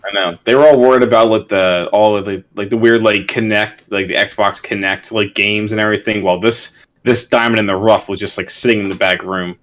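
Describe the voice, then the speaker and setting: A young man with a medium voice chats in a relaxed, rambling way, leaning on filler words and breaking into giggles. He sounds easygoing and unhurried as a podcast co-host. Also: fairly low pitch. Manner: laid-back, lots of "like" fillers, giggly. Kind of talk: casual chat.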